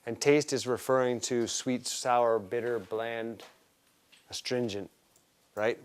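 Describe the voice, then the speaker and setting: A man's voice: mid-range voice, fairly even intonation, takes it slowly, clear, resonant tone. Casual enthusiastic male herbalism teacher. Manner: casual, enthusiastic, quizzes students. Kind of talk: live class lecture. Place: classroom with students.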